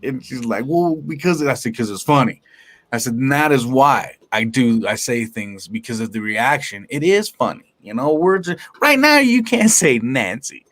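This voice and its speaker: A man, a stand-up comedian and guest, talking casually in an interview in a brash, profane, animated way, laughing often. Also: medium pitch, normal speed.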